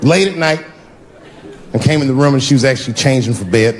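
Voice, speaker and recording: A man performing stand-up comedy, animated and acting out the people in his story. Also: mid-range voice, brisk, slight background noise. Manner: animated, acts out voices.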